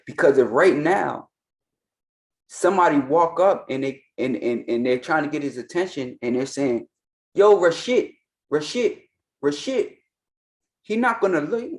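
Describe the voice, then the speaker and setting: A man's voice: a little high, lively intonation, normal speed. A man hosting a reaction commentary, ranting in a heated, mocking and profane way. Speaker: host, Orisha priest.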